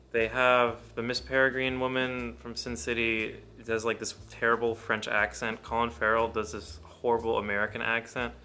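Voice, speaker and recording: A man's voice: medium pitch, sharp tone. A man giving a casual, rambling film review, blunt and full of cursing. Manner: blunt, profane, rambling opinions.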